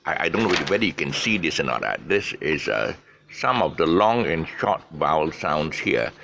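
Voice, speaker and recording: A man's voice: very deep voice, animated, normal speed, creaky, noisy background. A man with a Malaysian English accent giving a casual, rambling pronunciation lesson, full of fillers, restarts and jokey asides.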